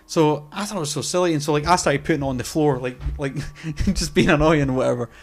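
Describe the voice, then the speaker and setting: A man's voice: on the high side, fast talker. Man, podcast co-host, casual chat, sweary storyteller, acts out quotes.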